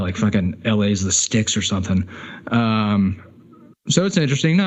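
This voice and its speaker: A man's voice: lowish voice, lo-fi sound. A man co-hosting a podcast in casual chat, loose and sardonic, trailing off in filler words and swearing. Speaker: podcast co-host.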